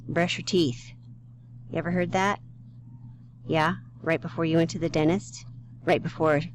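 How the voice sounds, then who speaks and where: A woman's voice: deep voice, slight background noise, poor audio. A woman teaching a grammar lesson to young children, playful and chatty, talking straight to them with questions.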